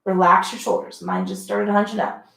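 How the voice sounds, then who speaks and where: A woman leading a mat pilates class at home, giving chatty, encouraging cues between breathy exertion sounds. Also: medium pitch, flat delivery, moderate pace, a bit bright. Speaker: pilates instructor. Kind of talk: guided workout instruction. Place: home room, dogs heard about. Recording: roomy echo.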